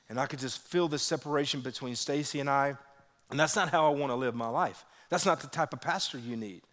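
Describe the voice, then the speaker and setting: A man's voice: a little fast, big-room sound. A man preaching a sermon as pastor, telling personal stories and acting out quotes with big swings in his voice. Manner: animated, acts out quotes with big pitch jumps.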